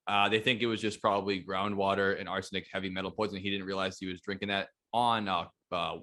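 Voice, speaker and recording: A man's voice: sits low, level tone, fast talker, pushed and bright. A man co-hosting a podcast in casual chat, with joking, profane banter. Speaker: podcast co-host.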